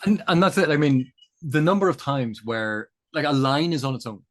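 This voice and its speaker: A man in conversation, unfolding ideas patiently, like a lecturer who has thought it through. His voice sits at an everyday middle pitch for a man. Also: moderate pace. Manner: thoughtful, lecturing, builds points with examples. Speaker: guest. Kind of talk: explanatory interview chat.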